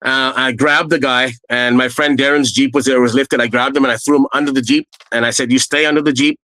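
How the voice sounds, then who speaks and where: A man's voice: mid-range voice, flat delivery, fairly quick, pushed and bright, no room sound, poor audio. Earnest man, dry close sound. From Canada. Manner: earnest, rambling anecdotes with fillers. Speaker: storyteller guest. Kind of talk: casual first-person storytelling.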